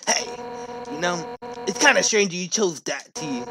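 A man's voice: sits high, background noise, full character voice. A man reading as a brash fish warrior woman. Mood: teasing. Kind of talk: reading game dialogue aloud.

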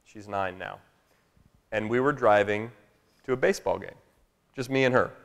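A man giving a motivational public talk, telling a personal story in an animated way. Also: lowish voice, normal speed, gravelly. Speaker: motivational speaker. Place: public hall. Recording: long reverb of a hall.

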